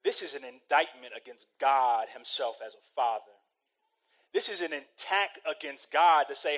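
A man's voice: medium pitch, lively intonation, normal speed, a bit bright, rough recording. A male pastor preaching a sermon in a conversational, storytelling way, often checking in with "right?".

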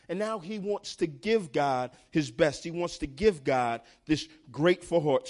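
A male pastor preaching a sermon in an emphatic way, building in intensity. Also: high-pitched.

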